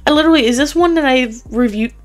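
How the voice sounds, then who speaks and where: A young woman with a Southern US accent, rambling through a casual video game item review at home, chatty and quick to laugh. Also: sits high, music in the background. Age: young adult. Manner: rambling, chatty, laughs often, slang-heavy. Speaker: YouTuber reviewing game items. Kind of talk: casual commentary. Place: home at night.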